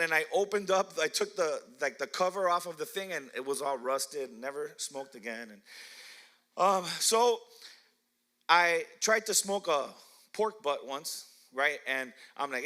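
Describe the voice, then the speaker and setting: A middle-aged man pastor preaching in a church, telling funny stories about himself. His voice is very bright and a little high for a man. He laughs easily and keeps asking the crowd questions. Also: measured pace. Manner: playful storytelling, laughs often, asks the crowd. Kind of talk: sermon with personal stories. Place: church hall.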